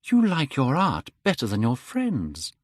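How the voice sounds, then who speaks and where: Man voicing a desperate, vain young beauty for a storybook reading, pitched up, lively. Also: measured pace, no echo, clean studio sound. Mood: bitter. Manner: anguished, pleading.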